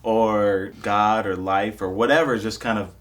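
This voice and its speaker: A young man, a musician, telling the story of a song in a relaxed, reflective documentary interview. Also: lowish voice, measured pace. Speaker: independent musician. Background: faint music.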